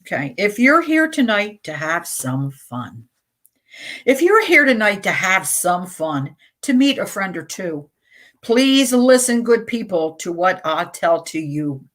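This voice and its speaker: A middle-aged woman hosting a community radio show, reading poems aloud slowly and deliberately, with casual chatty asides between them. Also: medium pitch, sing-song, fairly bright tone.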